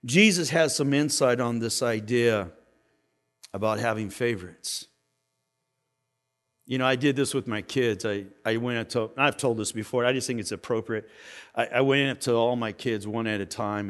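A man preaching a sermon, retelling a scripture story in a casual, animated way and often repeating words. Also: mid-range voice, moderate pace. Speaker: pastor.

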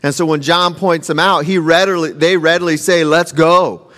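A man, a pastor, giving a conversational sermon, animated and repeating his phrases. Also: on the high side, a little fast. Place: church sanctuary. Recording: long reverb of a large hall.

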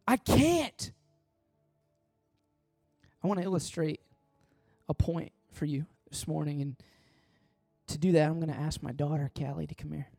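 A middle-aged man preaching a sermon as pastor, passionate and pleading at times, soft and tender at others, on a close mic. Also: fairly high pitch, steady tone, brisk, vocal fry, no room sound, faint music behind. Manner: impassioned, swings from loud pleading to soft tender asides.

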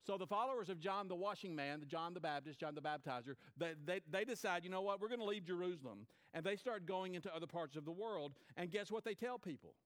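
Animated storytelling preacher, man. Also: sits high, brisk, few pauses. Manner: storytelling, repeats phrases, acts out quotes. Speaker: pastor. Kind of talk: sermon.

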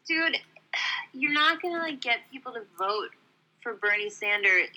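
A woman's voice: medium pitch, sharp tone, low-quality recording. A woman from New York in casual chat, blunt, profane and exasperated.

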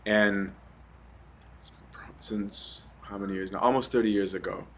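A man's voice: on the low side, steady tone, measured pace, a little hiss or hum. A young adult man giving a conversational sermon, often asking "right?" with many ums. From Egypt. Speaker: preacher.

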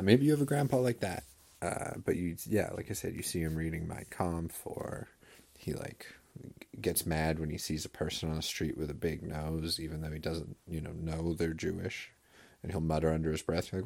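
A man's voice: very deep voice, fairly even intonation, normal speed, vocal fry, darkish tone, husky. A man delivering a rambling, sarcastic comedic rant full of digressions.

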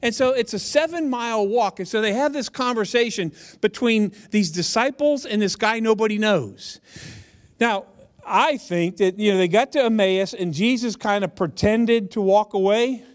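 Casting note: male preacher with a fairly high voice, relaxed and chatty, jokes with the congregation. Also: normal speed. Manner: chatty, humorous, addresses audience directly. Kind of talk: casual conversational sermon.

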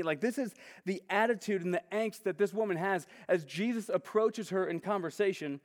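A man's voice: high voice, normal speed, hardly any pauses. A man preaching a sermon in a casual, conversational way, often saying "like". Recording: long hall reverb.

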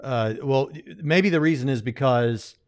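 A man's voice: medium pitch, measured pace. A man co-hosting a podcast, arguing his point step by step in casual commentary. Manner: argumentative, builds a case step by step. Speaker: podcast co-host.

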